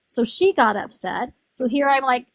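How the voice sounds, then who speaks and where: A frustrated woman rambles through a casual livestream, her voice pitched a little high. She talks in a dry, close sound with no room around it, circling back and restarting as she goes. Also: normal speed, no room sound. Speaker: livestream host. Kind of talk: casual live-stream venting.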